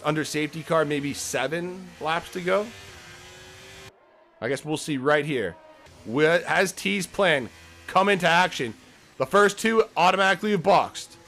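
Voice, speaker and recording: A man's voice: a little high, measured pace, fairly bright tone, soft background music. A man giving casual, joking live commentary on a sim race, swearing freely as he calls the action.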